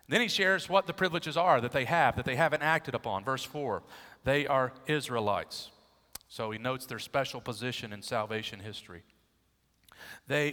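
A man's voice: mid-range voice, bright, forceful tone. Emphatic male preacher in a reverberant hall. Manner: emphatic, teaching, rhetorical questions. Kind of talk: expository sermon.

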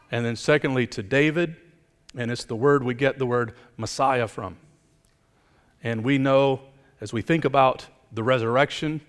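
A middle-aged man preaching a sermon as pastor, swinging from emphatic rises down to quiet, low appeals. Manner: emphatic preaching, building up and then dropping low. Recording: long hall reverb.

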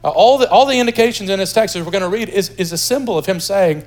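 A pastor from the United States preaching a sermon in a lively, joking, conversational way. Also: male voice, high voice, fast talker.

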